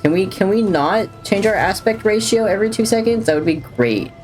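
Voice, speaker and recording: Here a man with a high, expressive voice and a darkish tone talks a little fast as he plays a game live for viewers. He jokes about the gameplay, reads their messages, and keeps shifting his attention from chat to the game. Game music is faintly audible.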